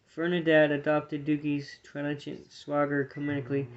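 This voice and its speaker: A man reading a storybook aloud to his children, with a steady, plain delivery and small slips. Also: on the high side, normal speed, hardly any pauses, lo-fi sound, slight background noise.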